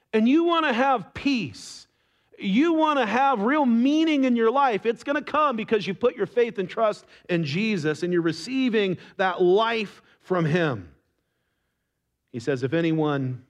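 A man preaching a sermon, animated, acting out the words of biblical figures. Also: muffled recording. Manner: animated, acts out biblical speakers with rising pitch. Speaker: pastor.

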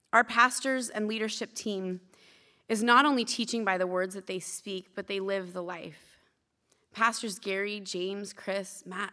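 A woman's voice: mid-range voice, bright, forceful tone. A woman in her thirties preaching at church, telling candid, self-deprecating stories between scripture teaching. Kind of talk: sermon.

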